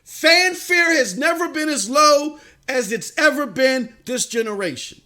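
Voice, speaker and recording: A man hosting a gaming news live stream, ranting casually with slang, swinging from low muttering to shouting. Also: lively intonation, a little slow.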